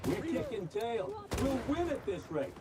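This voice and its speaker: A man voicing a brisk male game announcer, giving clipped, matter-of-fact scripted callouts. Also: very high-pitched, sing-song, very noisy, heavily acted.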